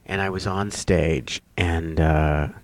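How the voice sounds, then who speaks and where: A man, a comedian, telling a story in casual chat, getting animated and loud as he acts out a confrontation. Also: low-pitched, slow pace, no echo. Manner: animated, rising loud when acting out the confrontation. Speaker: comedian guest.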